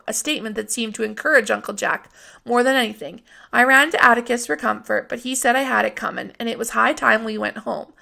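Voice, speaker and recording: A woman reading a novel aloud with steady storytelling narration. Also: on the high side, a little fast, vocal fry. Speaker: reader of a novel.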